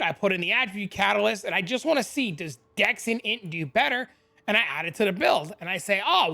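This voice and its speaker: Excitable hoarse man walking through a game tool. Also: high-pitched. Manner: excitable, rambling, talks through clicks step by step. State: hoarse, losing his voice. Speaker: gaming channel host. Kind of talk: screen-recorded game tutorial.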